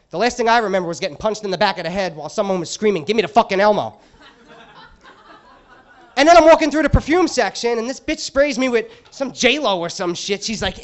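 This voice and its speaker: A male stand-up comic performs in a club, ranting crudely and sarcastically about his frustrations. His voice sits high and swings widely in pitch. The live recording sounds dull and lo-fi. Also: fairly bright tone. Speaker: stand-up comedian. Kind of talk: stand-up comedy set. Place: comedy club stage.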